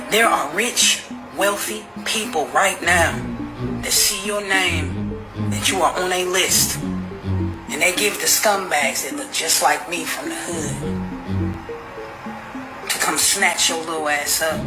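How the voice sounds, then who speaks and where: A woman giving an urgent, emphatic warning in slangy talk straight to her audience. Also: on the low side. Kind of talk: direct-to-camera warning rant.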